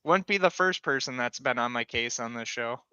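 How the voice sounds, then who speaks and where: A man's voice: mid-range voice, lively intonation, moderate pace, sharp tone, clean tone, no echo. A man in casual podcast banter, wry and swearing, taking the jokes aimed at him. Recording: dry, muffled call audio.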